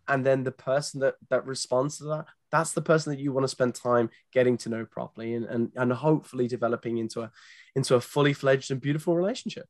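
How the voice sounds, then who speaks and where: A man with a British accent, a guest on a podcast interview, giving earnest, animated dating advice with frequent restarts. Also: mid-range voice, fast, dry recording, studio quality. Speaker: guest, dating company founder.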